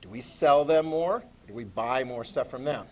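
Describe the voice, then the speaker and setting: A middle-aged man teaching a history lesson to a class, animated, asking questions and acting out voices. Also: medium pitch, moderate pace. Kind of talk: classroom lecture.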